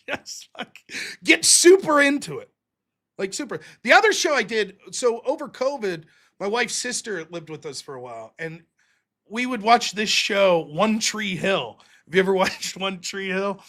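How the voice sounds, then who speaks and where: A man's voice: high-pitched, animated, moderate pace, pushed and bright. A man hosting a livestream, talking casually in a rambling, profane, jokey way. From United States. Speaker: livestream host.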